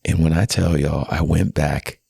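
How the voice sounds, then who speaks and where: A man's voice: a bass voice, steady tone, normal speed, vocal fry, a little mellow, slightly rough, no echo, clean studio sound. A man in his thirties, a pastor and podcast guest, telling a personal story in an earnest, heartfelt way. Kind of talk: candid personal testimony.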